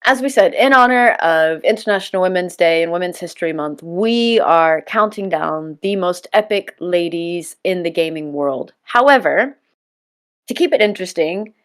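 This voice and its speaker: A woman hosting a casual gaming podcast, joking, swearing freely and laughing often. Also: on the low side. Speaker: podcast host.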